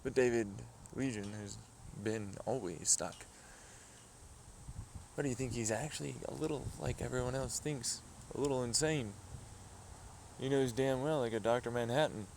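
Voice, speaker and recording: A man's voice: mid-range voice, moderate pace, gravelly, long pauses, a little mellow, slight background noise. A man rambling profanely to himself, talking back to imagined voices in a casual vlog. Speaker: vlogger.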